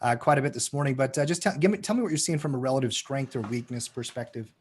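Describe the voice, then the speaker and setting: A man's voice: medium pitch, fast, husky. A man hosting a live stock market show, chatting casually and directing his co-hosts. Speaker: show host.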